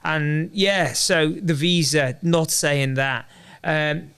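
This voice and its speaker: Guy rambling on as a guest, gravelly but smooth voice, bit high, jokes at his own expense. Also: fairly even intonation, slow, fairly bright tone. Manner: chatty, rambling, self-deprecating humor. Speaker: guest, endurance runner. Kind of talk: casual interview chat.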